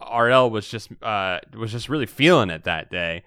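A man co-hosting a casual book discussion, retelling the plot in a relaxed, wry way. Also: on the low side, moderate pace, smooth, no room sound, clean studio sound. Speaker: podcast co-host.

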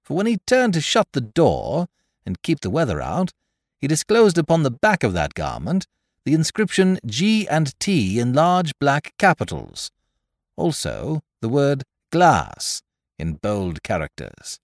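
A man narrating a classic story aloud with expressive storytelling. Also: medium pitch, unhurried, no room sound, studio quality. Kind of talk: audiobook narration.

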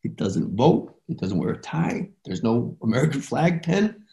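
A man's voice: mid-range voice, sing-song, normal speed, creaky, dark tone. A man hosting an interview show, talking in a passionate, rambling and emotional way. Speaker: podcast host. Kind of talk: interview conversation. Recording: roomy echo.

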